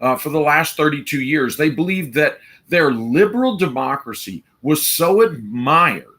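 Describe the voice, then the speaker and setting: A man's voice: on the high side, animated, normal speed, fairly bright tone. A man hosting a live stream, giving emphatic, rambling opinions and slipping into mocking quoted asides.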